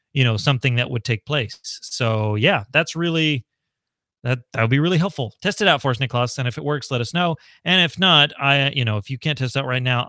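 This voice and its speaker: A man's voice: mid-range voice, sharp tone, no echo, studio quality. An American man from home hosting a casual live Q&A stream, chatty and thinking aloud with frequent ums and laughs. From United States. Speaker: livestream host.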